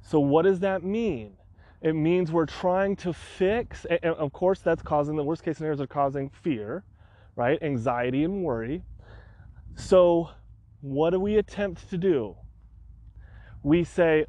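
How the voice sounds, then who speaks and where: Animated man telling a story. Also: on the high side, a little slow, pauses often. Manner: animated storytelling, acts out his own frantic outbursts. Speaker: podcast host. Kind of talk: solo podcast monologue.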